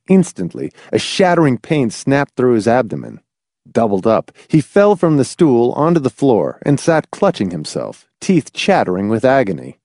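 A male narrator reads a novel aloud with expressive storytelling, his pitch moving in animated swings. The sound is dry and close, with no room around it. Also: moderate pace, no room sound. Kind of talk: audiobook narration.

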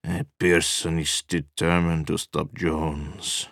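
A man reading an audiobook, voicing a weary, cynical man who speaks flatly and remotely. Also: low-pitched, slow pace, dry recording, studio quality. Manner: tired, flat and remote.

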